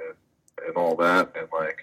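A man's voice: sits low, monotone, a little slow, sharp tone, breathy edge, rough recording. A man, a wrestler being interviewed, telling a rambling, profane story in casual chat full of fillers. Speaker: professional wrestler guest.

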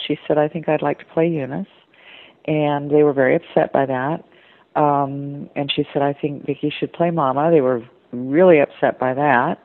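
A woman's voice: low voice, dry recording. Older lady telling stories in an interview, laughs a lot, tinny phone-ish sound. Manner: chatty storyteller, laughs often, quotes others. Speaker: actress interviewed. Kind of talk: relaxed anecdotal interview. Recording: tinny phone-like audio, dry.

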